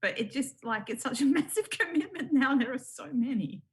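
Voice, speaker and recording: A woman's voice: high-pitched, animated, normal speed. A woman co-hosting a podcast, thinking aloud thoughtfully in a casual film chat. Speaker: podcast co-host.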